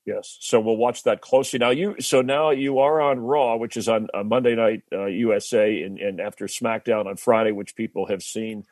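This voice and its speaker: A man's voice: lowish voice, steady tone, normal speed, hardly any pauses, a little mellow, no room sound. A man hosting an interview, asking questions in a conversational way and often restarting his sentences. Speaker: interview host.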